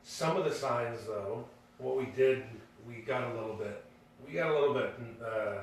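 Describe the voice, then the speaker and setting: A podcast co-host tells a story casually, rambling through fillers and restarts and laughing at his own tale. His voice is mid-range and comes over a little hiss or hum, picked up by a distant mic in an echoey room.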